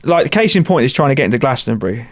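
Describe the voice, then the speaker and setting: A man's voice: mid-range voice, very animated, racing, no room sound, studio quality. A man, a session musician guest, telling anecdotes in casual podcast chat, laughing often and acting out other people's lines.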